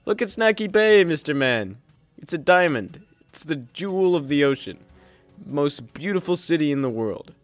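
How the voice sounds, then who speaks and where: A man doing a booming, pompous villain mayor. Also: animated, moderate pace, no echo, faint music behind, close to an everyday voice. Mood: grandiose. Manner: grandiose, booming, theatrical. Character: pompous scheming male city mayor villain. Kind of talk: comedic audio drama.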